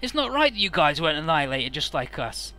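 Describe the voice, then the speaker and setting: Man playing a vengeful alien villain, shrill and furious, lively voice, bright edge. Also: fast talker, exaggerated voice. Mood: bitter.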